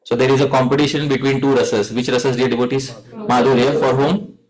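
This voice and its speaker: A man leading a devotional class, speaking at an ordinary middle pitch. He keeps turning questions to his listeners, calling them dear devotees, and leads chants for them to repeat. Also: little pitch movement, quick pace, darkish tone, poor audio. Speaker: devotional teacher. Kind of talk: devotional lecture with call-and-response chanting.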